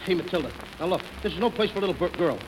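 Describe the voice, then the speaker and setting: A man's voice: high-pitched, rapid-fire. A man playing a cheeky, whiny, wisecracking comic in a 1940s radio comedy, on a noisy old broadcast recording. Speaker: comedian, co-host.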